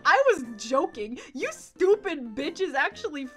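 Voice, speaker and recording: A young woman voicing an unhinged young male villain who shouts taunts at others. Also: high voice, big pitch swings, unhurried, soft background music, pitched above the performer's own voice, heavily acted. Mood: mocking.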